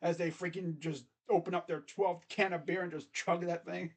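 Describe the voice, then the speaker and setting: A man's voice: high-pitched, fairly even intonation, moderate pace. Chatty man rambling through sports picks. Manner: rambling, chatty, self-correcting. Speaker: host. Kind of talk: casual sports picks commentary.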